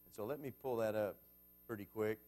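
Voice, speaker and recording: A man's voice: lowish voice, brisk, darkish tone, soft background music. A man preaching a Bible class sermon in a conversational way, asking the congregation questions as he goes.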